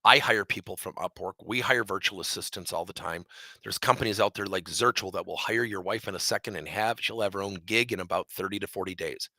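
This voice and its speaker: A man leading a leadership training session, telling a coaching story with animated, acted-out dialogue. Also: deep voice, fairly quick, no room sound.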